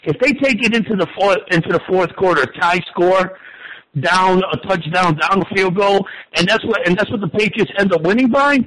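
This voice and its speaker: A man in his forties talks sports in a bright, high voice. He is excitable and swears freely, tripping over stammered restarts as he rushes on. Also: low-quality recording. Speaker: wrestling and football pundit guest. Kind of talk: excited casual sports talk.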